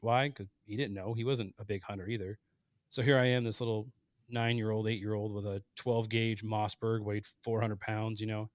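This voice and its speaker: A man in his late thirties telling hunting stories casually on a podcast, animated and acting out the voices he quotes. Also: lowish voice, no room sound, studio quality. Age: 30s. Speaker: podcast guest, hunter. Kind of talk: casual storytelling.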